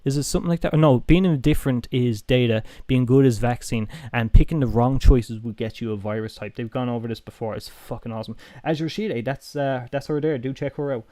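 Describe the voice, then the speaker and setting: A man's voice: mid-range voice, a little fast, hardly any pauses, mellow, no room sound. A young Irish man with a toned-down Dublin accent, chatting casually on a live stream, swearing freely and restarting his sentences. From Ireland.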